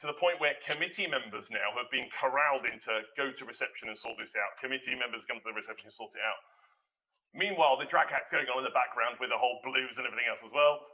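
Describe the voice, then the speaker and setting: A man telling a rambling, animated anecdote in a casual chat and acting out the voices of the people in it. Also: mid-range voice, quick pace, low-quality recording. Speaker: hospitality manager guest.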